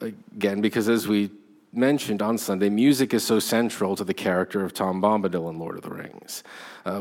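A male teacher giving a measured lecture with frequent "uh" and "um", reading literature aloud and explaining it. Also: lowish voice. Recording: long hall reverb.

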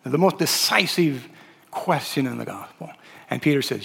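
A man's voice: medium pitch, expressive, moderate pace, creaky, a bit bright, slightly rough. A man teaching a Bible lesson, talking loosely with many fillers and restarts as he reads and explains. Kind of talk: lecture on a gospel. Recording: long hall reverb.

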